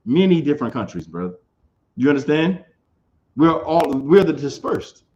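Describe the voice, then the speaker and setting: A man's voice: on the high side, very animated, normal speed, darkish tone, muffled recording. Emphatic man teaching a Bible class. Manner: emphatic, repeats phrases, keeps asking "you understand?". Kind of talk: informal scripture teaching.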